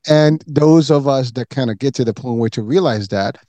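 A man's voice: medium pitch, normal speed, dark tone, dry recording. A man hosting an interview, asking long questions full of restarts and fillers. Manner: rambling, many restarts and fillers. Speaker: interview host.

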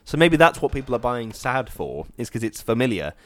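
A man, chatting casually on a podcast, animated and acting out quoted voices as he talks. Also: medium pitch, fairly quick, no room sound. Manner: animated, acts out quoted voices, frequent "do you know what I mean". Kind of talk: casual chat.

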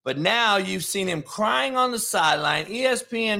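A high-pitched man rants about sports, swearing freely and circling back over the same points. His voice swings widely in pitch and sounds bright and forceful. He can flare into shouting. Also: expressive, moderate pace, gravelly. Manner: heated, profane, repeats himself, bursts into shouts. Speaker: sports commentator. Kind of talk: profane sports rant.

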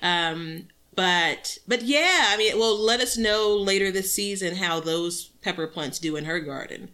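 A woman's voice: mid-range voice, a little slow, bright, forceful tone. A woman co-hosting a podcast in a rambling, chatty way, full of filler words. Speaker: podcast co-host. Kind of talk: casual chat.

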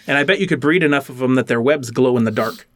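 A man's voice: medium pitch, quick pace, a crowd in the background. Teasing young male podcast co-host. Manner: teasing, playful. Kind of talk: casual podcast chat.

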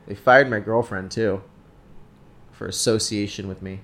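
Low-voiced man joking around. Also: fairly even intonation, measured pace, fairly bright tone. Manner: joking, profane, slangy. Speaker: podcast co-host. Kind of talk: casual banter.

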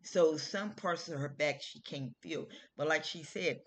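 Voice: medium pitch, unhurried, fairly bright tone. Middle-aged host, casual spoken testimony, earnest, mid-range voice. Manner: conversational storytelling with informal grammar and restarts. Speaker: health video host.

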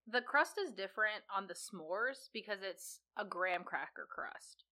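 A woman's voice: medium pitch, expressive, unhurried, bright, forceful tone. A young woman co-hosting a casual chat podcast, teasing and self-assured. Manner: playful, self-assured banter. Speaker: podcast co-host.

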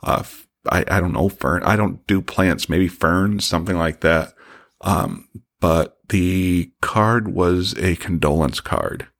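Deep-voiced man telling a candid story. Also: slow pace, vocal fry, a bit bright. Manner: candid, joking, swears freely. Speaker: podcast host. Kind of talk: casual personal storytelling.

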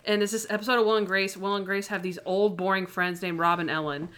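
A woman's voice: medium pitch, flat delivery, quick pace, a bit bright. Give me a young woman chatting casually, acting out scenes as she retells them. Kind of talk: casual chat.

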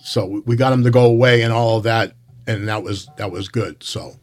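Low-voiced man recalling umpire days. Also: steady tone, brisk, darkish tone. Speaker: umpire guest. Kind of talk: casual storytelling.

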